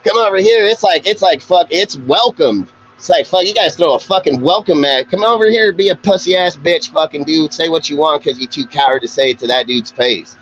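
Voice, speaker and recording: A man's voice: on the high side, normal speed, hardly any pauses, a bit bright, dull audio, a little hiss or hum. A man hosting a live-stream show, ranting in an aggressive, profane, confrontational way. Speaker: livestream show host.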